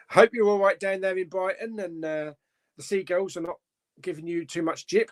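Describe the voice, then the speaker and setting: A middle-aged man with a high-pitched voice hosts a casual live stream, talking a little slowly about films and reading out viewer comments. He rambles with fillers and chuckles often.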